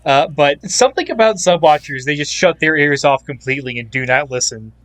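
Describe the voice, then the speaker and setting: A man's voice: on the high side, a little fast, fairly bright tone, dry recording. A man hosting a casual podcast, explaining things with a wry, dry humor. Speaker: podcast host.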